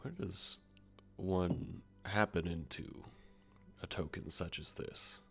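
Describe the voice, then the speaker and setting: Deep gravelly man player. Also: takes it slowly, a bit bright, soft background music. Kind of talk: casual game chat.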